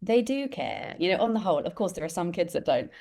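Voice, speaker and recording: A woman, a guest who tells lively stories and acts out the voices of the people she quotes. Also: lowish voice, very fast. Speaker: interview guest, empathy expert. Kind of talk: conversational storytelling.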